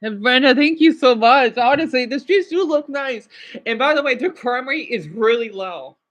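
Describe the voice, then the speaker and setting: A man's voice: very high-pitched, animated, moderate pace, fairly bright tone. A man from Arizona, chatting casually with livestream viewers in a rambling, emotional, apologetic way. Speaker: livestream host.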